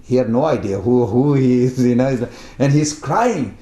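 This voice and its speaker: A man's voice: mid-range voice, normal speed, few pauses, warm tone. A man leading a study group, telling a devotional story in broken English, chanting verses and acting out what the characters say. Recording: roomy echo.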